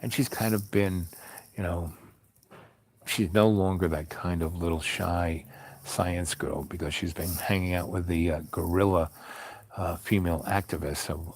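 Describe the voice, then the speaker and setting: A man host telling a personal story in a calm, wry, rambling way with many fillers. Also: deep voice. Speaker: podcast host.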